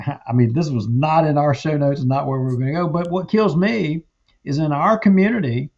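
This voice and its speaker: Man, fiery talk-show co-host, gravelly, slightly high voice, dull lo-fi sound. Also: brisk, a little mellow. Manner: heated, emphatic, repeats himself. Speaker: podcast co-host. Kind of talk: casual political talk.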